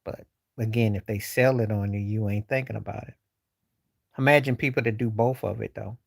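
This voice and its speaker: A man's voice: lowish voice, steady tone, fairly quick, gravelly, no echo, studio quality. A man hosting a livestream, rambling loosely with slang while answering viewers in casual chat. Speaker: livestream host.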